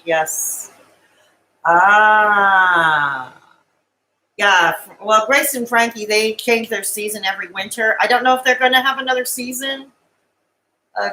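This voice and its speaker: A woman's voice: medium pitch, sharp tone, rough recording. A woman hosting a live stream, chatting casually and giggling as she rambles and answers comments.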